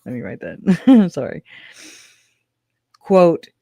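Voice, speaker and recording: A woman's voice: lowish voice, very animated, slow, creaky, mellow, dry recording, clean studio sound. Chatty, sarcastic woman livestream host. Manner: chatty and sarcastic, with frequent laughs; informal slang, says y'all. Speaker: true-crime livestream host. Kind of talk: casual commentary reading case notes.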